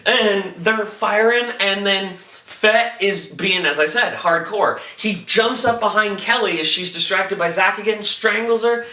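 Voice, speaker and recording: A young man excitedly recapping a TV episode, acting out the quotes and saying "like" a lot. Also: sits high, far from the mic. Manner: animated, acts out quotes, filler "like". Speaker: TV episode reviewer. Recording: echoey room, voice off-mic.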